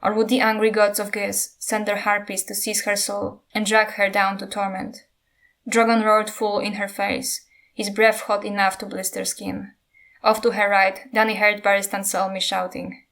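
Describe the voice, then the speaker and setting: A woman narrating a passage from a fantasy novel in a steady, even storytelling manner. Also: medium pitch, normal speed. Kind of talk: reading a novel aloud.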